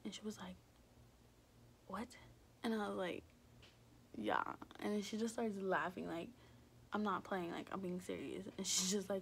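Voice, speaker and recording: A young woman vlogger casually telling a story at home, chatty and animated, full of fillers. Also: medium pitch, normal speed, gravelly, pauses often, slight background noise. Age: young adult.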